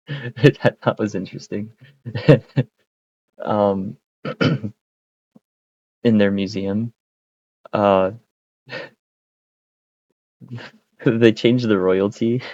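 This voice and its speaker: A man thinking aloud in a casual, wry, halting way while he codes, speaking close to a desk mic. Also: fairly low pitch, a little mellow, muffled recording. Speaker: streamer coding on screen.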